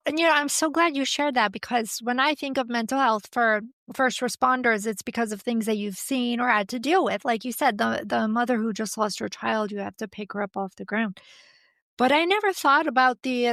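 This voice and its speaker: A woman's voice: on the high side, normal speed, a bit bright, dry recording. A woman hosting a podcast, responding reflectively and with empathy to her guest. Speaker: podcast host. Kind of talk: interview conversation.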